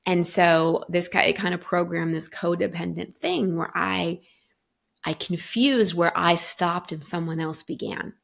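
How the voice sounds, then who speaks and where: A woman's voice: fairly low pitch, fairly even intonation, unhurried, creaky. A middle-aged woman guest talking earnestly in a reflective podcast conversation, thinking aloud with many fillers. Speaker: guest coach.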